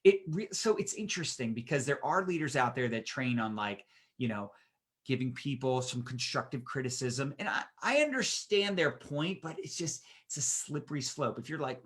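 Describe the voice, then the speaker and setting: A man's voice: fairly high pitch, moderate pace. A man giving a casual motivational leadership talk as a business coach, acting out the people he quotes. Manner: casual, animated, acts out voices of people he quotes. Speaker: business coach leading a training session.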